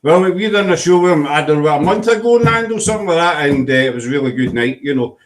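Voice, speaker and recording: A man's voice: fairly high pitch, expressive, quick pace. A man hosting a casual live online chat, teasing his guest and reading out viewer comments. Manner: chatty, teasing, reads viewer comments aloud. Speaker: host.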